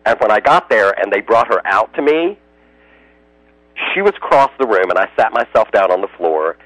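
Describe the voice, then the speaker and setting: A man's voice: fairly low pitch, expressive, normal speed, fairly bright tone, dry recording, poor audio. An American man, a radio interview guest, telling emotional stories and slipping into other people's voices. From United States.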